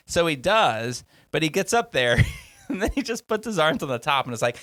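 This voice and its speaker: A man's voice: on the high side, lively intonation, brisk, fairly bright tone, no room sound, clean studio sound. A man co-hosting a podcast, chatting casually with wry, joking asides and frequent laughter. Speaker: podcast co-host. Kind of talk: casual chat.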